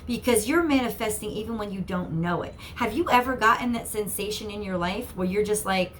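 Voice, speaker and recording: A woman's voice: medium pitch, fairly quick, a little hiss or hum. A woman giving an earnest, encouraging channeled tarot reading, often repeating herself. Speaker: tarot reader.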